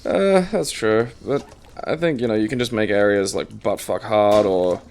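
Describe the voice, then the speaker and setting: A man's voice: fairly low pitch, moderate pace, vocal fry, darkish tone. A man co-hosting a casual gameplay chat, rambling loosely with many fillers. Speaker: co-host.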